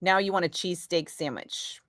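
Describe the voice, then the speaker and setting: A woman's voice: fairly low pitch, a little fast, a bit bright, dry recording, clean studio sound. A woman radio host from Northern California chatting casually with her live chat, laughing often, swearing freely and rambling through asides. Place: radio studio.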